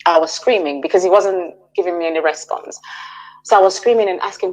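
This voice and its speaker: A middle-aged woman as a radio interview guest, giving a measured, hesitant personal account with frequent restarts and fillers. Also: fairly low pitch, expressive, a little mellow, rough recording.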